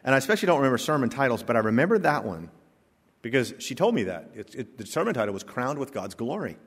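A man's voice: mid-range voice, big pitch swings, fast, slightly rough. Man preaching in a reverberant church. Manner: emphatic preaching with joking asides. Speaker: pastor. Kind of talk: sermon. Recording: long reverb of a church hall.

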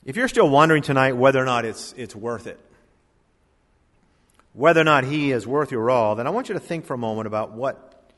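A man preaching a sermon in a church, building his points with rising emphasis and dramatic pauses. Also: mid-range voice, a bit bright. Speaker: pastor. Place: church sanctuary. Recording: long hall reverb.

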